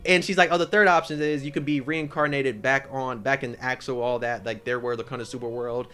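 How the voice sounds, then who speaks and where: A man casually recapping a story as an anime channel host, excitable and profane, with lots of "like" fillers. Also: mid-range voice, brisk, smooth. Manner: excitable, profane, heavy use of "like".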